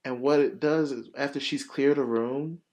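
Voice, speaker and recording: A man hosts a casual podcast, telling a movie plot with lots of fillers and cursing. His pitch sits in the middle range for a man. The delivery is loose and animated. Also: moderate pace. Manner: rambling, profane, animated storytelling with many fillers. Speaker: podcast host.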